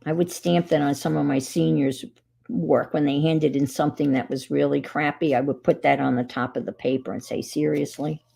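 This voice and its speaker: A middle-aged woman hosts a casual crafting livestream, chatting cheerfully through the demonstration and poking fun at herself along the way. Her voice is low, steady, gravelly and mellow, and she talks a little fast.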